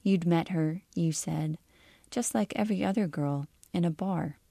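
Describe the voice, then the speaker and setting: A woman author reading aloud from her own literary fiction in a measured, even storytelling manner. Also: lowish voice, gravelly, no room sound.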